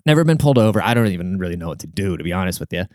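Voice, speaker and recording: Smooth-voiced young man telling a rambling story. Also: deep voice, very animated, very fast, darkish tone, no echo, studio quality. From Washington State, USA. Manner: rambling, profane, conversational. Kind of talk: casual storytelling monologue.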